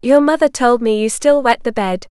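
A woman voicing a gruff, cruel middle-aged woman who talks down to people with a sneer. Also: a little high, moderate pace, a little mellow, no echo, studio quality, lightly acted.

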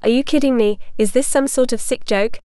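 A woman's voice: on the high side, a little fast, mellow, clear, resonant tone, no echo, studio quality, close to an everyday voice. A woman reading the part of a puzzled, exasperated man on the phone, with incredulous questions.

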